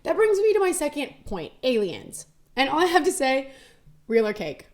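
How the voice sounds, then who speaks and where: A woman's voice: high-pitched, big pitch swings, moderate pace. A young woman hosting a casual solo podcast, rambling candidly between topics with self-deprecating jokes. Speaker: podcast host.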